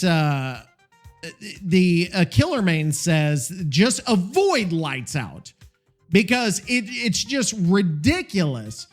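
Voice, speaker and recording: A man hosting a solo podcast, rambling and swearing a lot, sounding tired. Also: high-pitched. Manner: profane, rambling, animated. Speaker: podcast host. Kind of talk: casual solo podcast rant.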